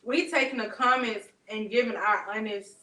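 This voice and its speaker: A woman's voice: on the high side, normal speed, pushed and bright, a little hiss or hum. A teenage girl on a podcast panel, speaking plainly and earnestly. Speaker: teen panelist. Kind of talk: casual group chat. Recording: echoey room, far from the mic.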